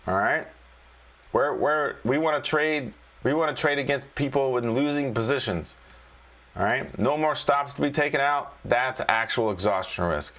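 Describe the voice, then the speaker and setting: A man's voice: mid-range voice, normal speed, fairly bright tone. A man hosting a casual trading livestream as a coach, talking loosely and repeating himself while coaxing viewers to answer in the chat. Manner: loose and repetitive, coaxing the chat with "all right?". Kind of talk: casual live-stream market commentary.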